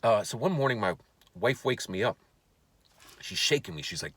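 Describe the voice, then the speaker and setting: Low-voiced man telling a comedic story. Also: normal speed, no echo. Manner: animated, profane, stammering restarts.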